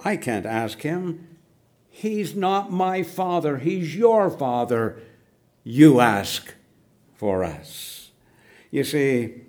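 An older man preaching a sermon, swinging from loud emphasis down to hushed, near-whispered words. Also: medium pitch.

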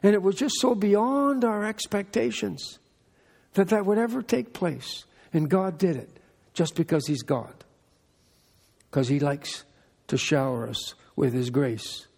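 Older pastor with gravelly husky voice. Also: male voice, high-pitched, measured pace, a little mellow. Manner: folksy, chatty with joking asides. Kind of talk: conversational sermon. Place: church hall. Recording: echoey hall reverb.

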